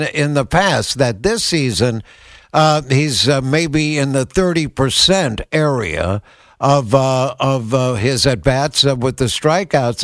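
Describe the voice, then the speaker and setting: A man's voice: mid-range voice, a bit bright, no room sound, clean studio sound. A man hosting a radio interview, asking long questions full of uhs. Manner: hesitant, many uhs. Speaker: radio show host.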